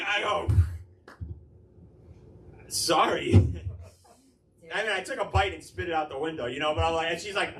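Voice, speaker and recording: A male stand-up comic works through a raunchy set with a loose, rambling delivery, slipping into little acted-out quotes. His voice sits a bit high for a man. The recording catches him from across an echoey club, with a noisy room under him. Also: normal speed, long pauses, pushed and bright, distant mic. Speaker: stand-up comedian. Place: comedy club stage. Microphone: handheld stage mic, recorded from the room.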